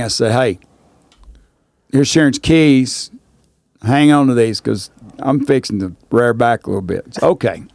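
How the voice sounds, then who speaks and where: A man's voice: mid-range voice, gravelly, a little mellow, no echo, studio quality. Man telling a rambling rodeo story. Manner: drawling, rambling anecdote with repeated "I said". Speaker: rodeo announcer and guest. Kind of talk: casual storytelling.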